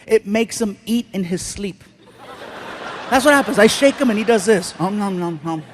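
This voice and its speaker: A man doing animated stand-up storytelling on a live stage, throwing in sound effects. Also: sits high, moderate pace, noisy background. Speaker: stand-up comedian.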